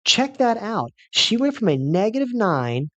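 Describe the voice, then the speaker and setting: A man's voice: high voice, big pitch swings, a little slow, a bit bright, dry recording. A man giving a health seminar as a chiropractor, telling a patient's story with emphatic, repetitive phrasing.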